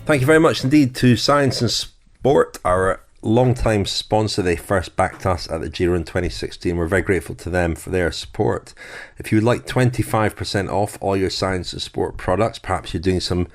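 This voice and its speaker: A man's voice: sits low, moderate pace. A man co-hosting a sports podcast in casual chat, reading a sponsor message and laughing easily with his co-hosts. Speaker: podcast co-host.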